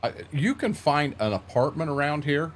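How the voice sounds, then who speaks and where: Hosting a live stream, this older man chats in a folksy, plainspoken ramble, repeating words while he thinks. His voice is on the high side and very animated, at a moderate pace.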